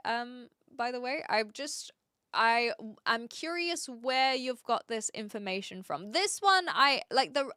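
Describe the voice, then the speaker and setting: A woman's voice: mid-range voice, bright, forceful tone, clear, resonant tone, no room sound, clean studio sound. A woman with an Australian accent, chatting casually on a livestream and answering viewers' comments aloud. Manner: chatty, reads chat aloud and replies, laughs often. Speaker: livestream host. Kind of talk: casual chat with live viewers.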